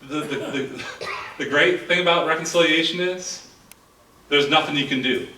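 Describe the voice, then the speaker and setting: Earnest high-voiced male pastor preaching. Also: normal speed, sharp tone. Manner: earnest, repeats words as he builds. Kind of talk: sermon. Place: church sanctuary. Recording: echoey church hall from far off.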